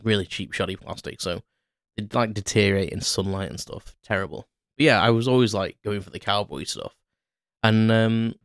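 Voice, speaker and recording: An Irish man hosts a podcast, his voice on the low side and recorded dry at studio quality. He rambles through a casual solo monologue packed with fillers and self-mocking asides.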